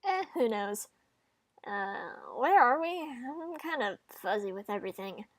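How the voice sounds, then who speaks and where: A woman voicing a snappy, foul-mouthed young woman in a visual novel who talks loudly and bluntly. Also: fairly high pitch, animated, unhurried, dry recording. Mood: brash. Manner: loud and blunt, swears.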